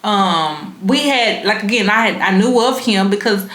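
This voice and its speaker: Unhurried and a bit bright, this young woman's mid-range voice carries a story she's sharing with her vlog viewers. She's blunt, slangy, and swears casually, and the recording has a roomy echo.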